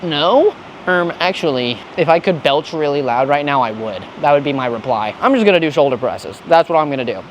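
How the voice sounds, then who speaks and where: A man's voice: fairly high pitch, animated, brisk, highs cut off, a little hiss or hum. A young man ranting and joking in a gym, casual and full of profane slang. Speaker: fitness vlogger. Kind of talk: casual gym vlog rant.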